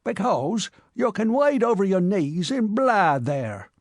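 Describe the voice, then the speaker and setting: Man playing a sour old cabman, shriveled, grumbling, raised voice, drawn-out, dry sound. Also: high voice, big pitch swings, dry recording, pitched above the performer's own voice, heavily acted. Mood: gloomy. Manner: gloomy, grumbling.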